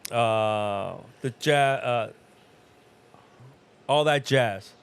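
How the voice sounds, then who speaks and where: A man's voice: medium pitch, extremely slow, creaky, clean tone. A middle-aged man co-hosting a casual movie watch-along, rambling through film trivia and laughing often. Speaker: podcast co-host.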